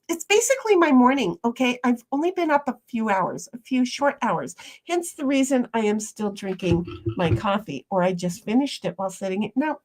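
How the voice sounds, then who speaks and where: A woman streamer chatting casually while she plays, rambling and restarting her sentences. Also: on the high side. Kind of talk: casual livestream chat.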